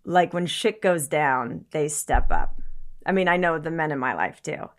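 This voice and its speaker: A woman's voice: low voice, sing-song, measured pace. A woman as a podcast guest, talking earnestly in casual conversation, often searching for words and swearing casually.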